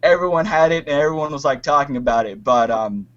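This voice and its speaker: A man's voice: on the high side, quick pace, a bit bright. Hesitant young man telling a story. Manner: hesitant, many ums, acts out quotes. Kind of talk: casual storytelling. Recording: muffled lo-fi call audio.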